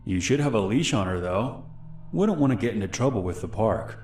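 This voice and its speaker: A man's voice: on the low side, animated, a little fast, a little mellow, reverberant, soft background music, natural voice. A man doing a creepy, falsely friendly stranger. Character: creepy young man posing as ranger.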